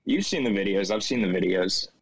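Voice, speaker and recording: A man's voice: on the low side, lively intonation, brisk, a crowd in the background. A male caller on a call-in show, arguing earnestly and brushing off the other side's points. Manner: earnest, dismissive. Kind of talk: call-in argument.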